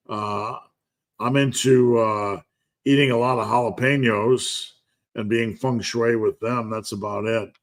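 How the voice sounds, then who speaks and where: A man's voice: medium pitch, fairly even intonation, takes it slowly. A man hosting a live podcast Q&A, reading viewer comments aloud and answering them in a casual, joking way with frequent laughs. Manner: laid-back, jokey, reads chat comments aloud and laughs often. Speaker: podcast host answering live chat questions.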